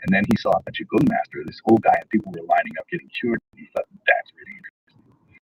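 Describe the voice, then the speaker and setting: Husky low-voiced man telling stories. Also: racing, dry recording. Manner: animated, acts out quotes. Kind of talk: casual storytelling conversation. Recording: dull lo-fi sound.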